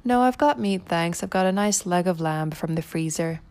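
A woman voicing a sweetly bright, anxious young housewife in a read-aloud story, with a gravelly edge. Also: fairly low pitch, normal speed, no room sound, close to an everyday voice. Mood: cheerful.

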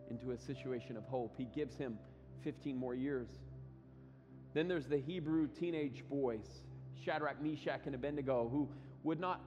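A man preaching a sermon, telling stories with lively acted quotes and frequent restarts. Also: on the high side, in a large hall, lo-fi sound. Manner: animated storytelling with acted quotes, many restarts. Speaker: pastor.

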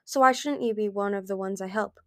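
A woman reading the part of an ancient male dragon who speaks gently and politely, with a quiet menace, in an amateur storybook reading. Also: mid-range voice, brisk, dry recording, clean studio sound, natural voice. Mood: calm.

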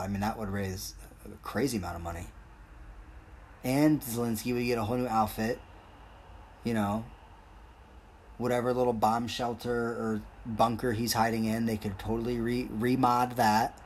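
A man's voice: medium pitch, fairly even intonation, normal speed, pauses often, slight background noise. A young man hosting a solo podcast, rambling and joking in a crude, casual way. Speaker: podcast host.

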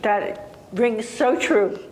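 A woman's voice: on the high side, lively intonation, drawn-out words. A woman interviewer putting short, eager questions to her guest. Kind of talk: interview chat. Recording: echoey room.

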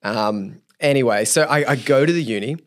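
A young youth leader, appearing as a podcast guest, tells a story and animatedly acts out his own thoughts along the way. His voice is medium-pitched at a normal speed.

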